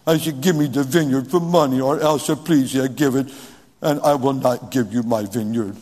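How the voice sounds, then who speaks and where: A man's voice: medium pitch, moderate pace, a little mellow, slightly rough, long reverb tail, pitched below the performer's own voice, lightly acted. A preacher putting on a sulky whining king. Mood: sulking. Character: sulking, whiny grown man king.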